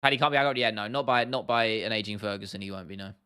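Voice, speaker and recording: Southern English male host, young, bright crisp voice, chatty, laughs a lot. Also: lowish voice, quick pace. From southern England. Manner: chatty, laughs often, repeats himself, addresses chat as bro and lad. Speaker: MMA livestream host. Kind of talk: casual livestream chat reading viewer comments.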